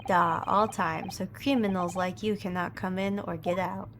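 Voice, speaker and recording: Brief: a slow, rude Russian guard on a ship, broken English, proud and curt, played by a woman streamer. Noisy background. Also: lowish voice, fairly even intonation, fairly bright tone, close to an everyday voice. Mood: gruff. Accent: attempted Russian.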